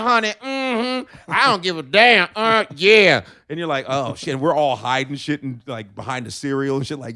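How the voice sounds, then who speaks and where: A man from the Chicago area telling loud, expressive comedy stories on a podcast and swearing freely. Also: mid-range voice. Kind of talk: comedic storytelling.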